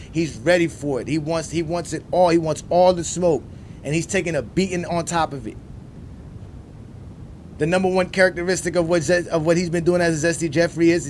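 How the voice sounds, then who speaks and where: High-voiced man ranting about sports. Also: a little hiss or hum. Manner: emphatic, repetitive, jumps from loud outbursts to muttering. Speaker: sports debate show host. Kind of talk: ranting commentary.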